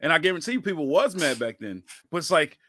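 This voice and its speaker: A man in his thirties hosting a podcast in casual chat, telling animated stories and acting out quoted voices. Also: fairly high pitch, fast, a crowd in the background. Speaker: podcast host.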